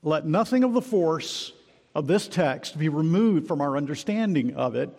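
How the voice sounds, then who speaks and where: A man preaching an expository sermon, emphatic and measured, slowing down to stress key words. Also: a little high, lively intonation, gravelly, a little mellow. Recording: long hall reverb.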